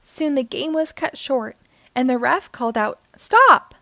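A woman reading a rhyming children's picture book aloud, with a gentle, lilting storybook rhythm. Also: high-pitched, moderate pace, gravelly, dry recording.

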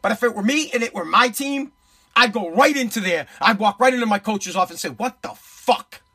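Man, sports radio rant, profane and emphatic, high and bright, husky edge. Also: animated, fast talker. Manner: profane, emphatic, repetitive ranting. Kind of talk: heated sports commentary rant.

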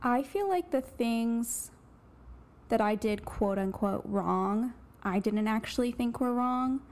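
A woman's voice: on the high side, takes it slowly, darkish tone. A woman guesting on a podcast, chatting casually and laughing easily as she tells stories.

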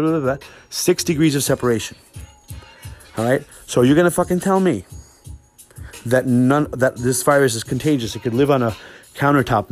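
A young man hosting a podcast alone, talking in a profane, rambling, animated way. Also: medium pitch. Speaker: podcast host. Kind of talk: casual monologue.

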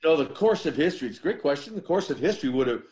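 A man's voice: a little high, lively intonation, rapid-fire, darkish tone, muffled recording. A man in his sixties, a former wrestler as guest, telling stories animatedly, laughing and restarting his sentences. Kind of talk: casual interview storytelling.

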